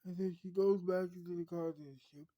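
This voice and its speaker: A woman's voice: lowish voice, fairly even intonation, fairly quick, dry recording, muffled recording. A woman narrating an improvised story in a rambling way, often restarting her sentences. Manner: rambling, frequent restarts and fillers.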